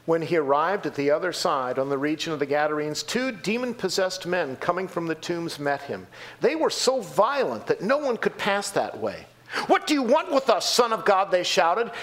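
Animated high-voiced man preaching. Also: moderate pace. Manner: animated, acts out quoted voices with sudden pitch jumps. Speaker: pastor. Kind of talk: sermon.

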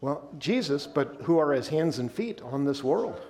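High, lively-voiced male pastor preaching. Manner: emphatic, slows down and drops his voice to stress points. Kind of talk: sermon.

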